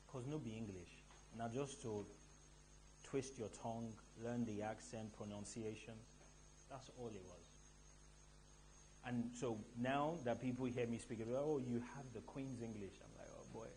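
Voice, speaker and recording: A man from Nigeria hosting a live event, telling stories to the audience in an animated, emphatic way from a stage mic. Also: medium pitch, a little slow, a little hiss or hum. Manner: animated storytelling with a rising, emphatic delivery. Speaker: event host.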